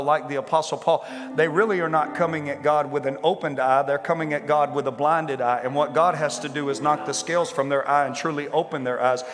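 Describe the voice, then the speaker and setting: A male pastor preaching a sermon to a congregation, building to impassioned shouting and repeated rhetorical questions. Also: on the high side, fairly even intonation, fairly quick, music in the background. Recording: live sermon in a reverberant hall with faint instrument.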